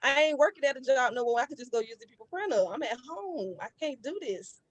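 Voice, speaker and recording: A woman giving an excited testimony, animated, colloquial and full of incredulous exclamations. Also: high-pitched, fast, no room sound.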